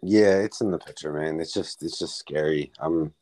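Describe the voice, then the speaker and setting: A man's voice: rumbling low, normal speed, a little mellow, no room sound. A man chatting casually as a podcast guest in a laid-back way, calling the host man and bro. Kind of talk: casual chat.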